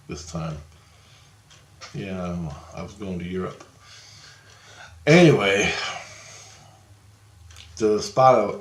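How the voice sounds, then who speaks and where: A middle-aged man casually telling a long story in a rambling way, chuckling often and raising his voice for the people he quotes. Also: fairly low pitch. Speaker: storyteller recounting visions. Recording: roomy, echoey room sound.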